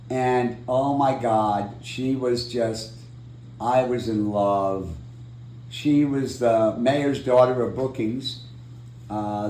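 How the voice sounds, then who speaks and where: A man telling a long personal story in an oral history interview, acting out the quotes with lively energy. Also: mid-range voice, echoey room, a little hiss or hum, rough recording. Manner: animated storyteller, acts out quotes. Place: room in San Diego.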